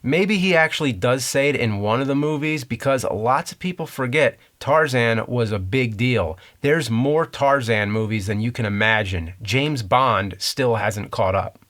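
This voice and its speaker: A man's voice: mid-range voice, measured pace, few pauses, fairly bright tone. A man in his thirties talks through movie trivia in a scripted commentary. His voice sits in an ordinary middle register, and he explains things in a conversational, dryly amused way. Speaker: host.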